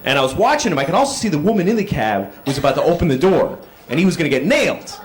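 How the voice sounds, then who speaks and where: A man doing a stand-up comedy set, telling stories and acting out people in sudden high yelps. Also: animated, racing. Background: audience laughter.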